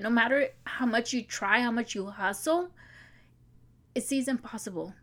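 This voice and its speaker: A woman's voice: a little high, normal speed, fairly bright tone. A woman in her forties, an online course creator, talking to her viewers in a chatty, heartfelt way, full of likes and restarts. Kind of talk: personal vlog talk.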